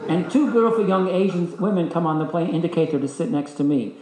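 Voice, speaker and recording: An older man teaching a discipleship class, telling a personal story in a lively, anecdotal way and voicing the people in it. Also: a little high, fast talker. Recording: echoey hall.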